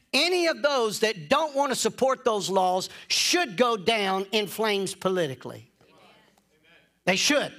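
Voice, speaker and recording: Emphatic high-voiced preacher. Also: male voice, sharp tone. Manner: emphatic, insistent; repeats phrases for stress. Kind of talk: sermon.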